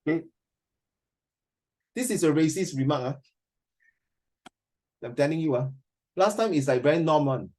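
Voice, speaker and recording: A man's voice: a little high, lively intonation, normal speed, long pauses, darkish tone. A man with a Singaporean accent teaching a class, chatty and full of fillers, quizzing his students as he goes. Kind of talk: classroom lecture.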